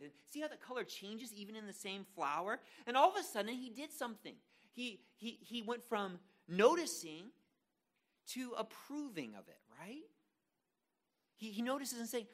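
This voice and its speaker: A man delivers a sermon to his congregation in a casual, joking manner, often restarting his sentences. His pitch swings widely, and his tone is bright. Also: lively intonation, a little fast. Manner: conversational, self-deprecating, frequent restarts. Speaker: pastor.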